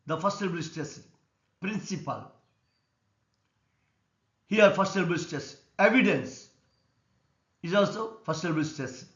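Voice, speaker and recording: A man with an Indian English accent teaching an English lesson on word stress, explaining slowly and deliberately. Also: a little high, a bit bright. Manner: slow, deliberate explanation, repeating words and stress rules. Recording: echoey room, dull lo-fi sound.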